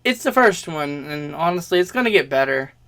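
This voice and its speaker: A man's voice: on the high side, expressive, a little fast, a bit bright. A young man vlogging a rambling personal story in a casual way, swearing often and laughing between lines.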